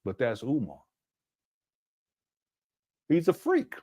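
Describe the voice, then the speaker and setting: A man's voice: medium pitch, huge pitch swings, slow pace, warm tone, dry recording, clean studio sound. A middle-aged man from Southern California commenting on a video clip in a casual, incredulous, mocking way. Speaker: commentary channel host.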